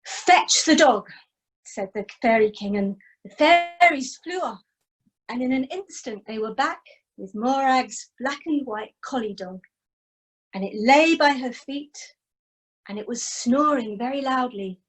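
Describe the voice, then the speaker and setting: A woman storyteller telling a traditional tale for families, expressive and inviting the listeners to join in with animal sounds. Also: high voice, unhurried, low-quality recording.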